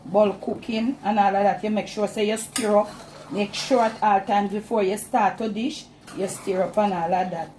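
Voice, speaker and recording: A woman's voice: medium pitch, steady tone, moderate pace, a little mellow, a little hiss or hum. A woman with a Jamaican accent hosting a casual cooking demonstration in her home kitchen, chatting in a mix of patois and standard English. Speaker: cooking channel host.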